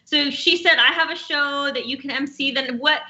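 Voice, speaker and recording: A woman's voice: high voice, normal speed, pushed and bright. A woman co-hosting a chat show who asks eager questions and laughs often. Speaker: co-host. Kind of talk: casual chat. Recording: slightly muffled online call audio.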